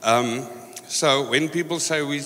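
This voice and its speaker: A man telling a lively, laughter-filled story at a church service. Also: fairly high pitch, unhurried, background noise. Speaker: church member reporting on a mission trip. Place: church hall. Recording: reverberant hall.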